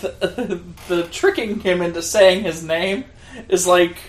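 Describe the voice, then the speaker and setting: A man's voice: high voice, slow pace, echoey room. A man co-hosting a casual chat, giving brief reactions and handing turns to the others. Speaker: podcast co-host.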